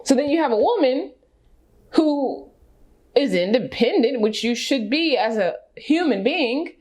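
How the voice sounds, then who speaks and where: A woman vlogger giving casual reaction commentary, emphatic and animated, full of rhetorical questions. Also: high-pitched, measured pace.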